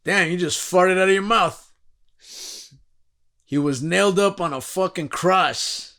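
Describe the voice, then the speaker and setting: A man's voice: sits high, a little slow, long pauses, bright, forceful tone. A man hosting a casual podcast, rambling through a profane comic rant and laughing at his own jokes. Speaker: podcast host.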